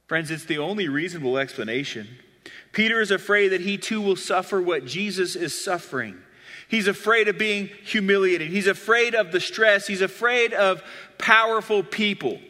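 A man's voice: high-pitched, sharp tone, long reverb tail. A man preaching a sermon, reading scripture aloud and explaining it expressively. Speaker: pastor.

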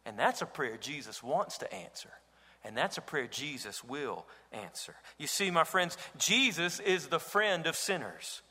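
A man's voice: fairly high pitch, very animated, a little slow, bright, forceful tone, breathy edge. Earnest preaching man in a reverberant hall. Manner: earnest preaching, swells to emphatic cries. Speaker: pastor. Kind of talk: sermon. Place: church sanctuary.

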